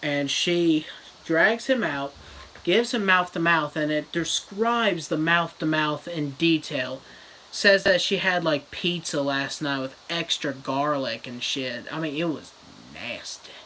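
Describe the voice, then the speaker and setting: A reviewer retelling a novel as a crude, rambling comedy summary with deadpan jokes. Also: mid-range voice, takes it slowly, slight background noise, rough recording. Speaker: book reviewer.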